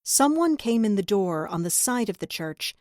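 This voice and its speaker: A woman reading a crime novel aloud in first person, with measured, intimate storytelling. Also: medium pitch, sing-song, a little mellow, no echo, studio quality. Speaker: audiobook narrator. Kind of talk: first-person scripted narration.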